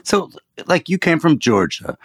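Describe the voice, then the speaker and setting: A man's voice: fairly high pitch, sing-song, unhurried, a bit bright. A man from Washington, D.C., hosting a podcast interview in a chatty, conversational way. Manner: chatty, uses "like" fillers. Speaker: podcast host.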